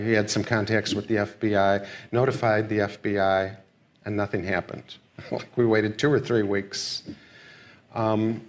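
An older man giving a lecture, telling a personal story in a subdued, reflective and hesitant way. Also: on the low side. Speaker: guest lecturer. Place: school lecture hall.

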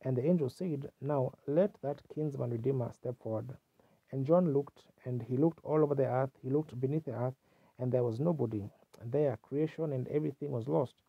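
Gravelly man preaching a fervent sermon. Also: mid-range voice, moderate pace, no room sound. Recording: dull lo-fi archival tape.

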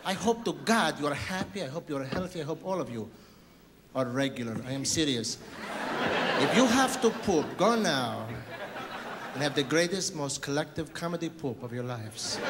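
Male stand-up, high-voiced, mock-sincere, on a hand mic in a noisy live venue. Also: expressive, normal speed. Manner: mock-sincere, fake-tender delivery building to outraged lists. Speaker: stand-up comedian. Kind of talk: stand-up routine. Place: concert hall stage. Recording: live club recording with loud crowd.

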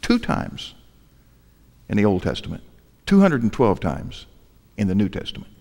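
An older male pastor preaches in a large church hall, telling a story with self-deprecating humor and putting rhetorical questions to the congregation. His lowish voice is gravelly and a little mellow, swinging hugely in pitch at a moderate pace, with the sound of the big hall around him.

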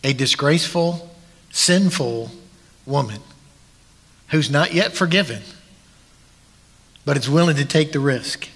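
Male pastor preaching slow n emphatic, kinda husky, big church echo. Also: a little high, fairly bright tone. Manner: deliberate, emphatic preaching with drawn-out pauses. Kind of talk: sermon. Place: church sanctuary. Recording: long church hall reverb.

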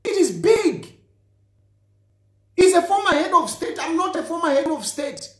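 A man's voice: very high-pitched, brisk, fairly bright tone, reverberant. A man, a politician, gives a heated, accusatory monologue straight at his listener and hammers his points by repeating them. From Zambia. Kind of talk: impassioned direct-address monologue.

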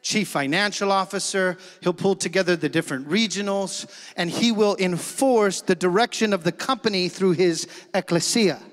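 A man's voice: high voice, normal speed, hardly any pauses. A male pastor preaching a sermon with emphatic energy, calling out to his congregation in a church sanctuary. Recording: long church hall reverb.

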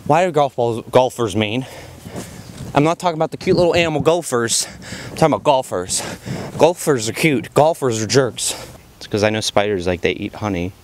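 A man playing a news reporter in a comedy sketch outdoors, talking in a deadpan, rambling way. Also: medium pitch, fairly quick, slight background noise.

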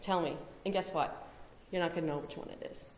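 A woman's voice: lowish voice, steady tone, brisk, a little mellow, echoey room, a little hiss or hum. A woman giving a conference talk, emphatic, with rhetorical questions. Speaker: conference speaker. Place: conference hall.

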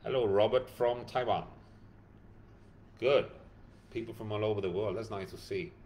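Man, tired, casual livestream Q&A, reads comments out, fairly low voice. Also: moderate pace, a little mellow, slight background noise. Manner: reads viewer comments aloud and thanks them by name. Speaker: dog rescue founder answering live chat.

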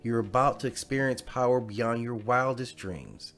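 A man's voice: medium pitch, moderate pace, a bit bright, natural voice. Jeannie, a purring taunting genie, as a man puts her on. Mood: menacing. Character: taunting female genie, smug and menacing.

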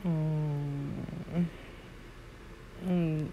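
A woman's voice: deep voice, fairly even intonation, slow, gravelly, lo-fi sound, slight background noise. A woman playing a horse game at home, commenting casually and fondly, exclaiming often and talking sweetly to her horses. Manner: frequent exclamations.

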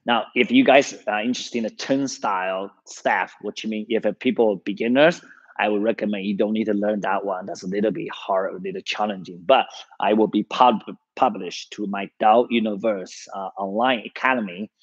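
A man's voice: fairly low pitch, fairly even intonation, moderate pace, no room sound, lo-fi sound. A man with a Chinese accent, a tai chi teacher casually telling a story to his live-streamed class, with many fillers and easy laughs.

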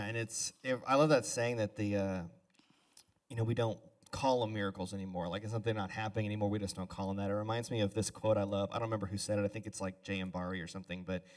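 A male pastor giving a relaxed sermon as a two-person conversation, casual and chatty with joking asides. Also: on the low side, quick pace. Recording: voice a bit far from the mic.

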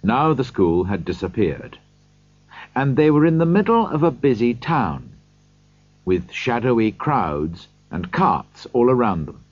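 A man reading a storybook aloud slowly for learners, in scripted narration. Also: medium pitch, sing-song, no echo, muffled recording. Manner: slow, clear reading for learners.

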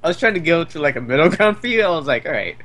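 A man's voice: a little high, lively intonation, racing, fairly bright tone. A man chatting casually about a game, amused and agreeable. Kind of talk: casual group chat after a game.

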